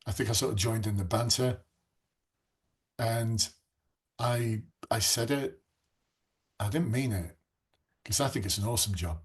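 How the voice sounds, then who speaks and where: A man's voice: lowish voice, measured pace, long pauses, breathy edge. A man, coaching police recruits in a live online class and telling stories earnestly and passionately, with frequent restarts.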